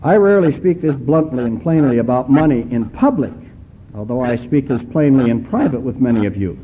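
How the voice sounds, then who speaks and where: A male pastor preaching a sermon with emphatic, drawn-out stresses and a folksy storytelling manner. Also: medium pitch, big pitch swings, dark tone, a little hiss or hum, low-quality recording.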